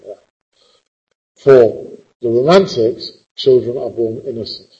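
A man lecturing a class on poetry, animated and teasing, with sarcastic asides. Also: medium pitch, a little slow, slightly rough. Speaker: literature lecturer. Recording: dull lo-fi classroom recording.

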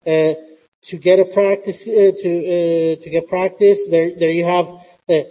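A high-voiced man lectures to an online class. He stops and restarts often, filling gaps with "uh" and "um". His voice is mellow and rings with a long reverb. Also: little pitch movement, measured pace. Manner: hesitant, many fillers and restarts. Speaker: teacher.

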